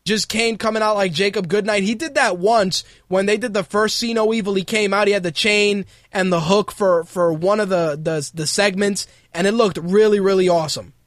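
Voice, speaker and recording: A man with a high voice runs his own talk show, riffing in a loose, mocking rant peppered with profanity. The sound is dry and close, with little room around it. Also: normal speed, hardly any pauses, dry recording. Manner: profane, mocking rants, animated. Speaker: podcast host. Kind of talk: casual wrestling commentary.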